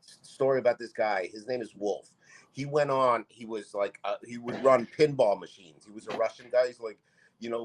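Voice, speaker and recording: A man from Canada spins loose, rambling comic stories as a podcast guest. His voice sits at an everyday pitch for a man. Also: normal speed, poor audio. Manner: rambling anecdotes with bursts of laughter. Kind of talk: casual comic storytelling.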